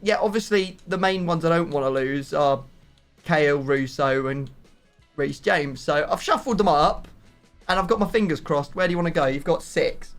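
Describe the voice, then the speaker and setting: A man's voice: a little high, moderate pace, soft background music. A man hosting a gaming channel, chatting casually through a football video game and swearing at it.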